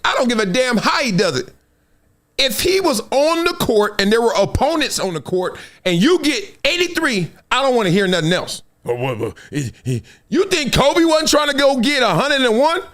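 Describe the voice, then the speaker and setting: A man's voice: very high voice, sing-song, normal speed, a bit bright. A middle-aged man hosting a live sports talk stream, emphatic and speaking straight to his viewers, acting out other people's lines as he goes. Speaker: host. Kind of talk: animated live sports commentary.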